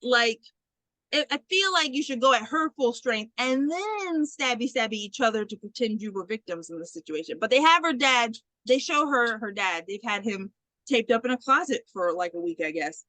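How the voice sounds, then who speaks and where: A woman with a bright, clear voice chats casually as a podcast co-host, retelling a film scene by scene. She slips into quick impressions of the characters and swears freely. The sound is close and dry, with no room around it. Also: a little high, dry recording, rough recording. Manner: animated storytelling, acts out characters' lines, swears casually. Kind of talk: casual chat recapping a movie.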